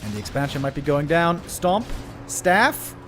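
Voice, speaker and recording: A man's voice: a little high, normal speed, faint music behind. A man from Germany casting a live strategy game stream, chatting with viewers in playful banter. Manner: playful, animated banter with sudden loud outbursts. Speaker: esports caster.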